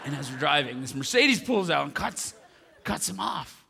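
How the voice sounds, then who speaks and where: A male stand-up comedian performing on a theatre stage, ranting in an animated voice that often rises to a shout. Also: on the high side, normal speed, gravelly, noisy background.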